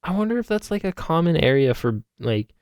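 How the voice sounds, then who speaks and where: A man's voice: on the high side, very animated, a little fast, a little mellow, clear, resonant tone, dry recording, clean studio sound. A man co-hosting a podcast in casual chat, laughing often and rambling with fillers. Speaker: podcast co-host.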